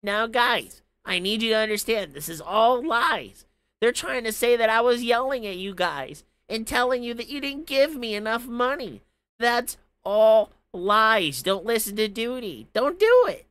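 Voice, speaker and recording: A man doing a whiny, high-pitched male streamer. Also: animated, a little slow, fairly bright tone, clear, resonant tone, dry recording, heavily acted. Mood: whiny ranting. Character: whiny, self-pitying male streamer begging for money. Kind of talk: mocking impression.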